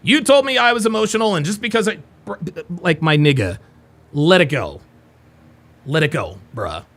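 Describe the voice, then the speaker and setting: Mocking, bright-voiced male stream host. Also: a little high, lively intonation, moderate pace. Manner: blunt, mocking, swears freely. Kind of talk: live stream reaction commentary.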